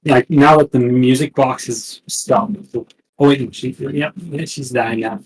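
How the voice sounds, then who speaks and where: A woman playing a tabletop game, chatty and thinking out loud. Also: rumbling low, measured pace, husky, rough recording. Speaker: player.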